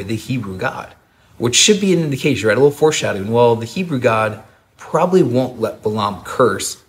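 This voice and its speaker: A man preaching a sermon as a pastor, and told the story in a lively, humorous way. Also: mid-range voice.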